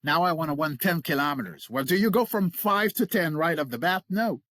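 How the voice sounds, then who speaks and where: Animated middle-aged man explaining technique. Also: on the high side, no echo. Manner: enthusiastic, explanatory, quick to laugh. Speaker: guest, creature voice coach.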